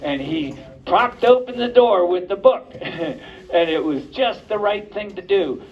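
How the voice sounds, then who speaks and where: A man telling a puppet story to preschoolers in a library, animated and inviting the children to join in. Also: high-pitched, dull audio. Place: library program room.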